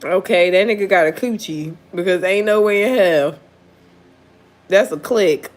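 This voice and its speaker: A woman's voice: fairly low pitch, a little slow. A woman who reads tarot, telling a story in casual chat with blunt, profane talk and frequent laughter. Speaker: tarot reader.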